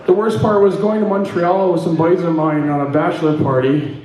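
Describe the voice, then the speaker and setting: A man's voice: high voice, fairly even intonation, a little fast, darkish tone, heavy reverb, slight background noise, poor audio. A middle-aged man from Ontario doing stand-up comedy, telling a story with lots of swearing and laughing between punchlines. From Ontario, Canada.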